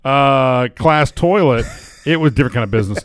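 Rambling podcast host, lively pitch. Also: male voice, fairly quick, clear, resonant tone, no room sound. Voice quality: rambling, restarts sentences, joking. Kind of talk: casual chat, reading news aloud.

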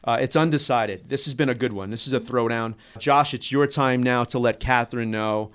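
An upbeat man moderating a podcast food debate. He calls the rounds with a playful, announcer-like bounce. His pitch sits in an ordinary middle range. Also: normal speed, clear, resonant tone. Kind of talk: casual podcast chat.

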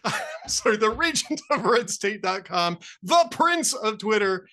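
Lively, bright-voiced male podcast host. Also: high-pitched, a little slow. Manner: animated storyteller, laughs often. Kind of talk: casual podcast chat, telling jokes.

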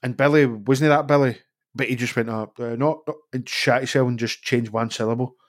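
Brief: Glaswegian male podcast host, relaxed, chuckles, mid-pitched voice. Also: a little fast. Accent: Scottish, Glaswegian. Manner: relaxed, chuckling, tells short anecdotes. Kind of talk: casual chat.

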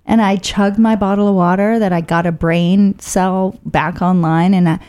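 A middle-aged woman from Oakland telling a personal story in a wry, blunt, animated way. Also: medium pitch, a little slow. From Oakland, California.

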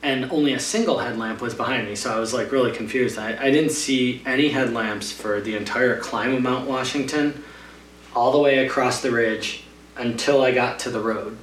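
A trail runner, guesting on a podcast, tells a long race story casually at normal speed, his medium-pitched voice a bit bright. He rambles with lots of fillers, and the distant mic sounds roomy with a faint hum.

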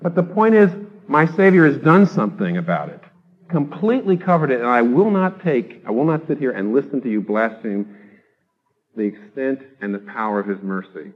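A man preaching a sermon, emphatic, rising to loud exhortation and then dropping low. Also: lively intonation, moderate pace, dull audio. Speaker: pastor.

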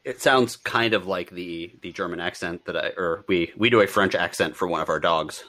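Bright-voiced man chatting about a movie. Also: deep voice, moderate pace. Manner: rambling, laughs a lot. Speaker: podcast co-host. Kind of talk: casual movie-review chat.

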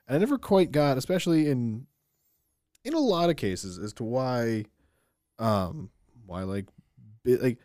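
A man's voice: medium pitch, lively intonation, unhurried, long pauses, a little mellow, no echo, clean studio sound. A man co-hosting a casual podcast chat, joking and laughing often. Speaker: podcast co-host.

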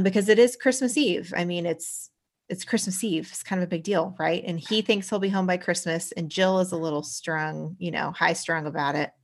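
A woman's voice: lowish voice, gravelly. A woman co-hosting a podcast, casually recapping a sitcom episode in a rambling way, correcting herself with ums and likes. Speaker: podcast co-host.

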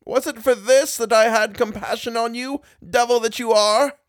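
A man's voice: fairly high pitch, big pitch swings, moderate pace, no room sound, studio quality, voice pushed up. A man voicing a stern old priest who commands and rages in a storybook reading. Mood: enraged. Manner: commanding, shouts in anger. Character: stern old Taoist priest, quick to rage.

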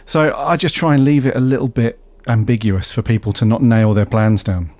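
A man hosting a casual podcast, relaxed and steering the talk along. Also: mid-range voice, fairly quick. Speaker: podcast host. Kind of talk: casual chat.

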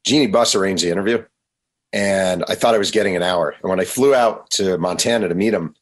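A man being interviewed as an author, telling lively anecdotes and acting out quotes. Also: low voice, brisk. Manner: animated anecdotes, acts out quotes. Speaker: author guest. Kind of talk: storytelling interview.

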